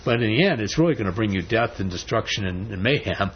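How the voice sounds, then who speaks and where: A man's voice: fairly low pitch, lively intonation, fast, lo-fi sound, a little hiss or hum. A man preaching a sermon with emphatic delivery, asking rhetorical questions and pressing his points with rising emphasis.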